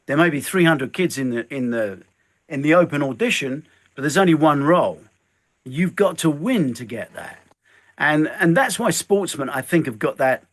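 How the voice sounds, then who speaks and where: A man's voice: a little high, normal speed. An older man, a guest telling stories in an interview and acting out the lines he quotes. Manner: animated, acts out quoted lines. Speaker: guest, stuntman and filmmaker. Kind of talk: storytelling interview chat.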